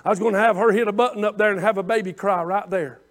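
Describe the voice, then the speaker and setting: A man preaching a folksy sermon, moving from quiet talk to loud, shouted exhortation. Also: high-pitched, fairly even intonation, quick pace. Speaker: pastor.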